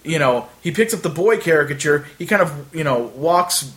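A man's voice: on the high side, animated, moderate pace, fairly bright tone. A man casually telling a long anecdote in a chat, rambling with many fillers and acting out the other people in it.

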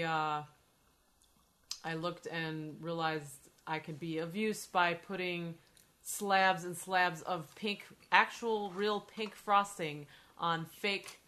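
A woman's voice: on the low side, a bit bright. A woman hosting a podcast, telling a story in casual, playful chat and teasing her co-host. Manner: chatty, playful, swears and teases.

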